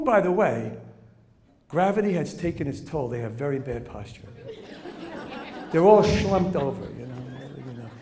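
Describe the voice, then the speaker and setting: Man, high voice, lively swooping delivery, jokey lecture to teachers, laughs a lot. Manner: joking, animated, laughs often, acts out examples. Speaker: child behavior speaker.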